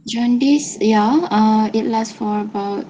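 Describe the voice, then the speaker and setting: A woman playing a young working mother of a sick baby, giving halting answers full of pauses and fillers. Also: a little high, warm tone, a little hiss or hum, poor audio. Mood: hesitant. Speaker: student playing a mother in a mock history-taking.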